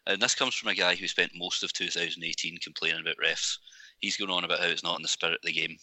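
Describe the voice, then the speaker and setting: A man's voice: low voice, level tone, fast, sharp tone, no room sound, rough recording. Wry man, dry close sound, rambling banter. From Scotland. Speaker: podcast co-host. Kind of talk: casual chat.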